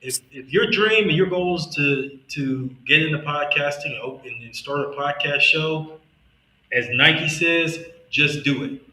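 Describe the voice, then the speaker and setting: A man's voice: on the high side, unhurried, sharp tone, roomy sound, poor audio. A man from Mississippi with a Southern accent and a slight lisp, hosting a podcast in earnest, motivational casual conversation. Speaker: podcast host.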